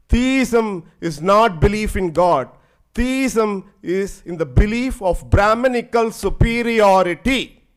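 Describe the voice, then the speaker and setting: A male professor lecturing a conference audience, mixing stories into his points. His voice sits a little high, and his delivery is animated and loose, with frequent "like"s. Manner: animated, fills speech with "like".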